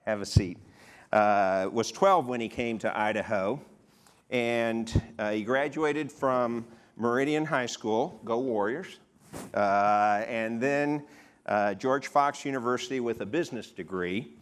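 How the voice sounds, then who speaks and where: A man's voice: medium pitch, a little slow, clean tone. Brief: male on-stage host, casual conversational delivery, lots of "uh", stage mic. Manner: conversational, with frequent "uh" fillers. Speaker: health system CEO hosting a patient interview. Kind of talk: on-stage interview before a live audience. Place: conference stage. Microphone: stage microphone.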